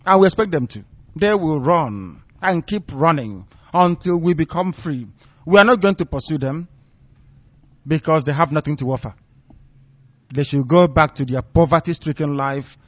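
High-voiced man preaching on radio. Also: normal speed, dry recording. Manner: emphatic, preaching declamation. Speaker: radio broadcaster. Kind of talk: live radio address. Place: radio studio. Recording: dull, lo-fi dry studio sound.

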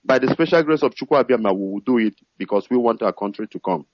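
A man's voice: mid-range voice, animated, fast, dry recording. A man addresses a radio host, earnest and rambling. His voice is mid-range and dry, coming through a muffled, dull line. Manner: earnest, rambling, with many fillers. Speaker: caller. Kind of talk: radio call-in.

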